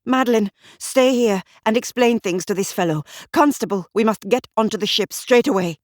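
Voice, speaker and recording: A woman does a sharp-witted male detective in an audiobook. He speaks with firm authority and urgency, pitching up as he barks orders. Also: moderate pace, no room sound, clean studio sound, lightly acted. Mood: urgent commanding. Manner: commanding, urgent.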